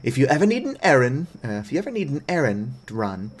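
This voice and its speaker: Brief: proud small-town mayor NPC, hearty and loud, voiced by a man. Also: big pitch swings, fast, breathy edge, soft background music. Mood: jovial. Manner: loud, booming and jovial. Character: hearty middle-aged male town mayor, friendly and proud.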